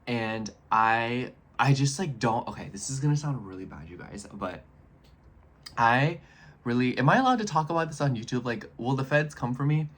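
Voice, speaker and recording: A man in his twenties chatting casually in a vlog, rambling and animated as he speaks straight to his viewers. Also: mid-range voice, normal speed. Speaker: astrology YouTuber.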